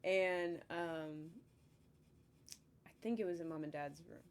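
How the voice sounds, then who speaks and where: A woman's voice: on the low side, slow pace, slight background noise. A young woman co-hosting a casual podcast, telling childhood stories with lots of laughter and acted-out quotes. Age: young adult. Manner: animated storyteller, acts out quotes, laughs often. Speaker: podcast co-host. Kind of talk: casual chat.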